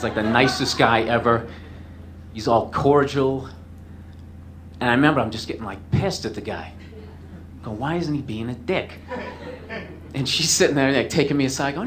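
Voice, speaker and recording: A man's voice: medium pitch, a bit bright, a little hiss or hum. A male comedian telling a long story as a talk show guest. He rambles, swears freely and mocks himself. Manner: profane, rambling, self-mocking.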